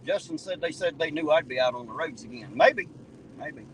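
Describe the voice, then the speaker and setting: A livestreaming auditor from southern Ohio, near Kentucky and West Virginia, drives his car at night while chatting with viewers in a folksy, profane way. He has a slight twang and a somewhat high voice, talks fast, and the poor audio carries a little hiss or hum.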